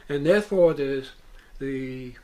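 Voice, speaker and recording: A man's voice: mid-range voice, takes it slowly, dark tone, poor audio. A man in an interview telling a long first-person account in an earnest, meandering way with hesitant restarts. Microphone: VHS interview recording.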